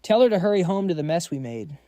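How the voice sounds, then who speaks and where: A smug young villain in a recap story, full of mockery and smirking scorn, voiced by a male narrator. The voice sits a little high with a mellow tone. It is recorded dry and close. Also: very animated, quick pace, clean tone, dry recording. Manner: mocking, smirking. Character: smug scheming young man, villain's son.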